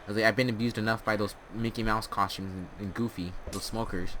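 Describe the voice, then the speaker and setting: A man's voice: lowish voice, steady tone, quick pace, hardly any pauses, fairly bright tone, slight background noise. A young man telling a long, rambling story with many restarts while playing a game, on a headset mic. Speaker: storyteller and gamer.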